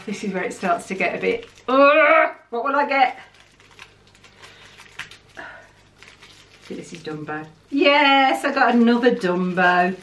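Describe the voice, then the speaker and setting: A woman talks chattily and excitably, her pitch sitting a little high and swinging widely. She sounds a bit distant from the mic in a roomy space. Soft music plays faintly underneath. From United Kingdom. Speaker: vlogger. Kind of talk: casual chat while unboxing.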